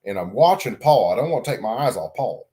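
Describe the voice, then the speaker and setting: A man's voice: medium pitch, big pitch swings, brisk, warm tone. A middle-aged man telling a story in a casual vlog, rambling, swearing freely and laughing at himself. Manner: rambling, profane, self-mocking, laughs a lot. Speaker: vlogger.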